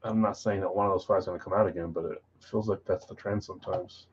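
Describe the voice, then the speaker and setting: A man's voice: sits low, fairly even intonation, quick pace, husky, lo-fi sound. A man hosting a live card break stream, reading off names and teams with chatty asides.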